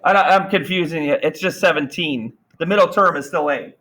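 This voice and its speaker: A man teaching a math class, energetic and playful, firing questions at students. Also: fairly high pitch, normal speed, low-quality recording. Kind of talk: classroom lesson.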